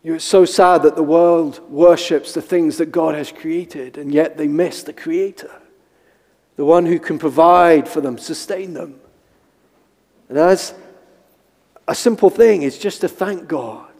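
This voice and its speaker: A man's voice: measured pace, darkish tone. Man preaching in a reverberant hall. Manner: storytelling, acting out quotes with high squeaky voice for himself. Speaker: pastor. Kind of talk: sermon with personal stories.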